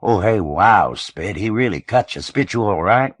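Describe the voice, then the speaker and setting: A man reading the part of an excitable young gang member who exclaims crudely, in an audiobook. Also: lowish voice, normal speed, no echo. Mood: agitated.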